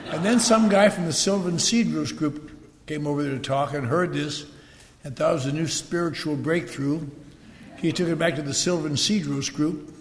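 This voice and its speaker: Give me an older man with a raspy, gravelly voice telling rambling personal stories in an echoey meeting hall. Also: fairly high pitch, moderate pace. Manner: wry, rambling anecdotes with asides to the audience. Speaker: guest speaker at a recovery meeting. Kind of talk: personal storytelling talk. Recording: echoey hall recording with faint noise.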